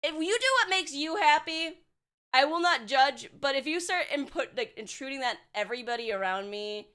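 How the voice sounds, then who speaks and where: High bright-voiced blunt young woman streamer. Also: animated, moderate pace. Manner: blunt, sarcastic, swears freely, lots of fillers. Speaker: VTuber streamer. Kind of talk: casual stream chat reacting to chat.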